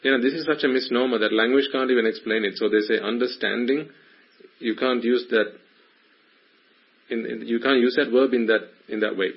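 Husky man teaching with playful questions. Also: medium pitch, fairly even intonation, brisk, muffled recording. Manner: playful, probing questions to listeners. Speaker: Buddhist teacher. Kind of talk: Dhamma talk to a small group.

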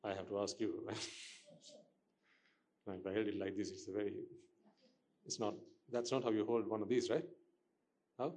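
A man's voice: fairly low pitch, little pitch movement, moderate pace, pauses often, mellow. A man giving a Buddhist dharma talk to listeners, questioning them and repeating his points for emphasis. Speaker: Buddhist teacher.

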